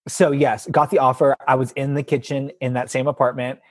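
Husky man telling a lively story. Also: medium pitch, brisk, no room sound. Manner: animated storytelling, acting out quotes. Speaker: guest. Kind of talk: casual chat.

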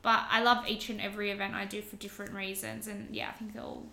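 Bright-voiced woman guest, agreeable. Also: mid-range voice, level tone, fast talker, gravelly, a little hiss or hum. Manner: agreeable, thoughtful answers with fillers. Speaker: wedding planner and stylist, guest. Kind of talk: casual chat. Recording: roomy echo.

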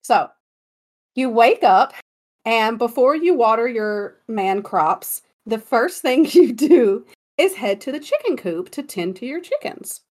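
Lively, giggly woman podcast co-host. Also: fairly high pitch, slow. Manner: animated, giggly, bossy storyteller. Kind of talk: casual chat.

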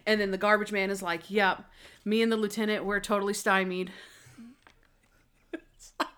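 A woman's voice: medium pitch, flat delivery, moderate pace, a bit bright. A woman co-hosting a casual podcast chat about a TV episode, acting out the characters' lines in playful voices. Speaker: podcast co-host.

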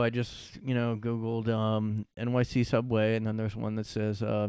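A man rants sarcastically through a solo podcast from his room, swearing freely. His voice sits a little low and sounds smooth and clean, recorded close and dry. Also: monotone, normal speed, hardly any pauses, darkish tone, dry recording. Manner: sarcastic, profane, ranting. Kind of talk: casual ranting monologue.

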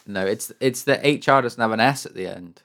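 A man's voice: mid-range voice, brisk, a bit bright. Male podcast co-host: playful, needling, easygoing chat. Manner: teasing, playful, laughs often. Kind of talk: casual chat.

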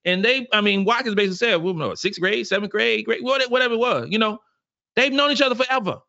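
A man from South Carolina, hosting a casual postgame show, animated and prone to repeating phrases. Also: high-pitched, fast, creaky, dry recording, muffled recording. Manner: animated, repeats phrases, reads viewer comments. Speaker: podcast host.

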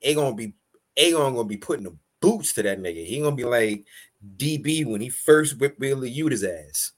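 An animated man in casual podcast chat, his pitch swinging widely from low to high. He swears freely, laughs often and slips into acted-out quotes. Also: normal speed.

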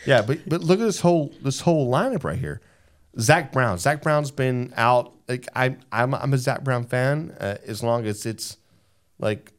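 A man, co-hosting a podcast in casual chat, talking in an animated, emphatic way and repeating himself as he makes his point. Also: medium pitch. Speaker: podcast co-host.

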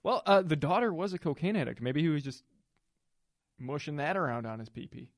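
A man's voice: on the high side, lively intonation, brisk, no room sound. Dry-sounding man with sarcastic humor. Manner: dry, sarcastic mock praise. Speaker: podcast co-host. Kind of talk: casual movie-review chat.

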